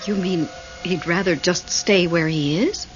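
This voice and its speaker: An actress playing a lonely, nervy widow in an old radio drama, talking in a fretful, breathless way. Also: female voice, on the low side, unhurried, lightly acted. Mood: pleading. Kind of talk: 1970s radio drama acting. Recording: muffled old radio broadcast, faint hiss.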